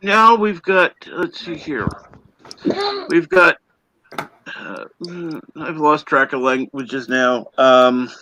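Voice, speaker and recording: A man hosting a casual livestream, stumbling through his words with plenty of fillers. His voice is bright and forward. He talks in a loose, chatty way. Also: on the high side, animated, takes it slowly, a little hiss or hum, low-quality recording. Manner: flustered, hesitant, many fillers. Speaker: livestream host. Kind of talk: casual group chat.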